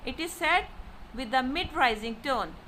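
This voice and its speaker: A woman teaching a language lesson, giving careful instructions and repeating drawn-out model syllables for the learner. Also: high-pitched, expressive, bright, forceful tone, a little hiss or hum, rough recording. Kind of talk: slow recorded lesson.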